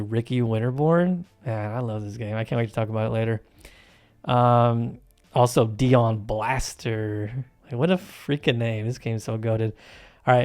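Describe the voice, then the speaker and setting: A man's voice: medium pitch, darkish tone. A man hosting his channel off camera, talking casually over gameplay in a rambling, emphatic way with many restarts and fillers. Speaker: YouTube channel host. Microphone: home voice-over mic, off camera.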